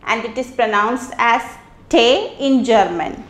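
An Indian language teacher with an Indian English accent gives a slow classroom lesson on pronunciation in an echoey room. Her voice is a little high, and she says each word twice, pausing between phrases.

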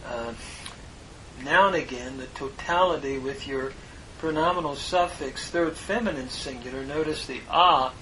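A man giving a lesson on Hebrew grammar, speaking in a measured way with pauses and frequent "uh" fillers as he spells out terms. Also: fairly high pitch, bright, forceful tone, slight background noise, low-quality recording. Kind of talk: slow explanatory lecture.

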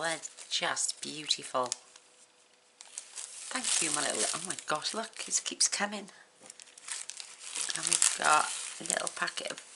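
Woman, low voice, slow delivery, gushing exclamations, casual unboxing chat, noisy background with crinkling. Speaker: craft channel host. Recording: noisy room with paper crinkling.

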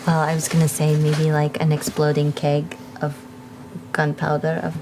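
A woman's voice: deep voice, monotone, moderate pace, background noise. A woman playing in a tabletop game, chatting eagerly with the group. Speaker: player. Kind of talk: casual tabletop game chat.

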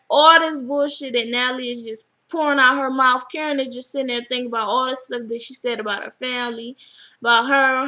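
A young woman casually recapping a reality TV episode, animated and acting out what people said. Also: sits high. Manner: animated, acts out quotes.

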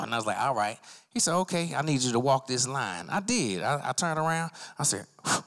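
Male stand-up at an open mic, mid voice, loose profane storyteller who leaps high to play other people in his stories. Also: lively intonation, fast, a bit bright. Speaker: stand-up comic. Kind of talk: stand-up comedy set. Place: comedy night stage at an arts center.

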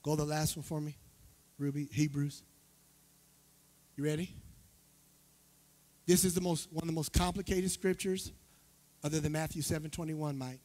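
A man preaching as pastor to his church, loud at times, calling on members of the congregation by name. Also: on the high side, steady tone, moderate pace, long pauses. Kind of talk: sermon.

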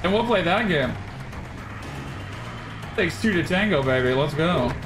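An excitable woman streamer whose pitch swings widely as she reacts to a game. She swears and trash-talks her opponents between thank-yous to viewers. Game music plays clearly underneath her. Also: measured pace. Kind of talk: live gameplay streaming commentary.

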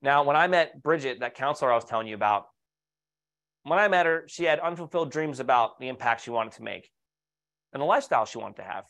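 A man's voice: mid-range voice, expressive, fast, vocal fry, fairly bright tone. Upbeat man coaching on leadership. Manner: upbeat, persuasive, tells client stories and asks rhetorical questions. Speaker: leadership coach presenting to architects. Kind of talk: online webinar presentation.

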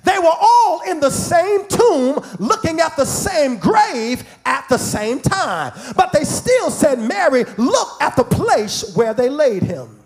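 High-pitched, lively preaching man. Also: slow pace, few pauses. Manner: emphatic call-and-response preaching, sings and shouts phrases. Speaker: bishop preaching. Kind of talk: sermon.

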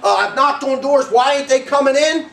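High-voiced preacher in an echoey church. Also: male voice, moderate pace, gravelly, fairly bright tone. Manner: rambling, self-correcting preaching with fillers. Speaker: pastor. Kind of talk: sermon. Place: church sanctuary. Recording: roomy church sound from a distant mic.

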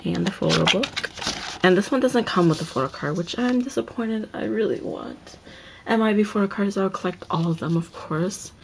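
A woman's voice: medium pitch, moderate pace, gravelly, slight background noise, poor audio. A young woman gushing over an album as she unboxes it, exclaiming "oh my god" over and over and often slipping into a whisper. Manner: gushing, keeps repeating oh my god, drops into whispers. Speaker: unboxing vlogger. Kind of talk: excited casual unboxing chat.

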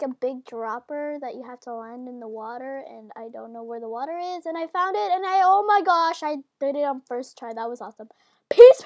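A woman with a stuffy nose giving excitable gameplay commentary, swinging from mumbling to loud squeals. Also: high-pitched, no echo, studio quality. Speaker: gaming channel host.

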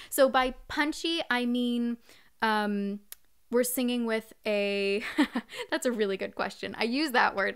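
Bright-toned woman vocal coach. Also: a little high, clear, resonant tone. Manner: chatty, demonstrates by singing short phrases. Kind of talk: live-streamed singing lesson.

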